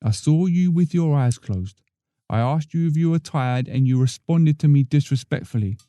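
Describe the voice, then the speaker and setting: A prim female supervisor, put on by a male storyteller, talks in clipped, accusing sentences. The voice is deep in warmth and very mellow, sitting slightly high. The sound is dry and close, with no room around it. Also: moderate pace, dry recording, natural voice. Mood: stern accusing.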